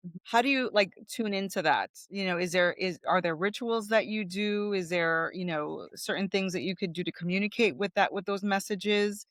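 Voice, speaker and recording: A woman's voice: medium pitch, moderate pace, a bit bright, dry recording, studio quality. Woman co-host asking searching questions. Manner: thoughtful, searching questions with many fillers. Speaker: podcast co-host. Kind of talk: casual interview chat.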